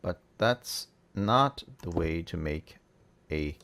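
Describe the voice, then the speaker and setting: Gravelly man explaining a game. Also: deep voice, slow pace. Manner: relaxed, chatty, thinking aloud with fillers. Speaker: game tutorial host. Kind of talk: casual gameplay tutorial.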